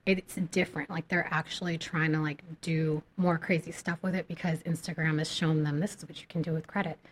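Casting note: a woman playing a relaxed interview guest, raspy and a bit low. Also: a little fast. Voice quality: slightly raspy. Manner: relaxed, explanatory, many fillers. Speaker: credit consultant guest. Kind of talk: casual interview chat.

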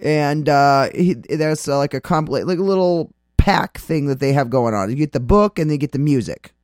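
A man's voice: fairly high pitch, animated, normal speed, a little mellow, dry recording, clean studio sound. A man hosting a casual talk radio show, rambling with many fillers as he reads out upcoming gig listings.

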